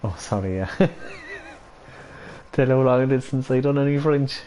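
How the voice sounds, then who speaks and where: A man's voice: mid-range voice, moderate pace, dark tone, low-quality recording. A man live-streaming a farming game, joking and bantering with his chat. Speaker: gaming streamer.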